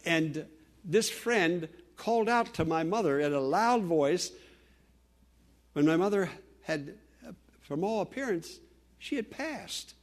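An older male pastor delivers a sermon in a fairly high voice. He swings from ringing, emphatic declarations to quiet, hushed storytelling. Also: expressive, slow, pauses often.

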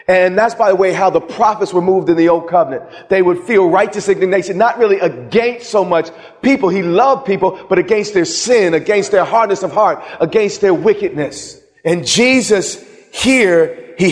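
A middle-aged man preaching a sermon with passion, moving from loud outbursts to hushed, slow moments. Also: high-pitched. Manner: impassioned, swings from loud to hushed. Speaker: pastor. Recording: long reverb of a large hall.

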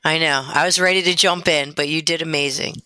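A woman's voice: low voice, steady tone, fairly quick, sharp tone. A woman guest on a talk show, chatting in a friendly way and explaining the housing market. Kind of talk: casual radio chat.

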